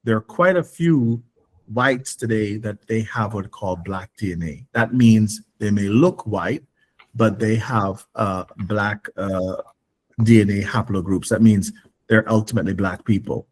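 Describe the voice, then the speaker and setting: A man's voice: lowish voice, unhurried. A man speaking as an interview guest, emphatic and insistent, often repeating words as he presses a point and acting out imagined questions. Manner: acts out imagined questions in a raised voice. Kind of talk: interview conversation.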